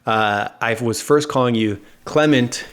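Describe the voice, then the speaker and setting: An American-accented man hosts a podcast with an energetic, joking manner. His voice sits a little low, and he keeps the chat light and upbeat. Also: normal speed. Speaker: podcast host.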